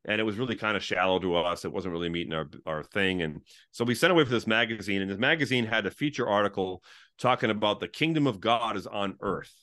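A man's voice: fairly low pitch, fast talker, pushed and bright. A middle-aged man talking as an interview guest, a former pastor, in casual storytelling, saying "like" often and acting out the people he quotes. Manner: chatty, peppered with "like", acts out quoted dialogue.

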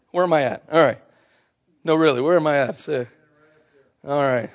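High-voiced male pastor preaching. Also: a bit bright, dull audio. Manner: conversational, calls for audience response. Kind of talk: sermon. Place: church service before a congregation.

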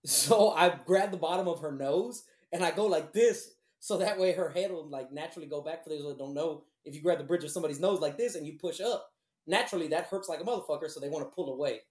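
A man's voice: on the high side, fast talker, darkish tone. A man telling a long personal story in a blunt, profane, rambling way. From Houston, Texas. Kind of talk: casual storytelling. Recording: echoey room.

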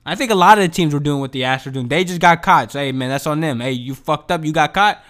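Talking quickly, a male podcast host records alone at home, ranting in a meandering, foul-mouthed way. His voice sinks to mumbled murmurs before bursting back up with excitement.

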